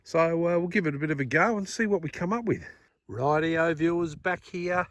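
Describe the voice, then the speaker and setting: An Australian man vlogging casually outdoors on a farm, chatting easily and talking gently to a wild animal. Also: a little high, normal speed, no echo. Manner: easygoing, chatty, coos softly at an animal. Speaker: metal detecting vlogger. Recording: distant outdoor audio, noisy background.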